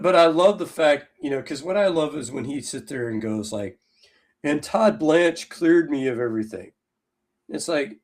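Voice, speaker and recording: A man's voice: medium pitch, a little mellow. Rambling podcast co-host man. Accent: Southern US. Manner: rambling, many fillers. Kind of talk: casual chat.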